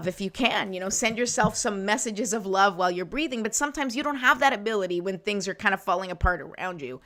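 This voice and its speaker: Encouraging woman hosting a wellness talk. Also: medium pitch. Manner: warm, encouraging, conversational with frequent "right?" and "okay?". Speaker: host of a wellness livestream. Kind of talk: casual motivational talk to live viewers.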